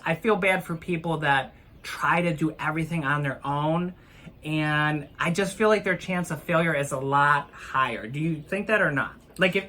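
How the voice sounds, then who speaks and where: A man's voice: on the high side, sharp tone. A man hosting an interview, asking earnest leading questions about starting a business. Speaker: host.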